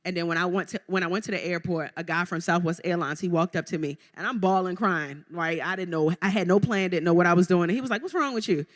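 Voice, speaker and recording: This is a woman in her thirties from Baltimore, a guest at a live interview, recounting her journey with lively, playful energy. She speaks directly to the audience. Her voice carries a long reverb from the event hall. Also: fairly low pitch, quick pace, few pauses. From Baltimore, Maryland. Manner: animated, playful, talks straight to the audience. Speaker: guest entrepreneur. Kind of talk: live stage interview, storytelling.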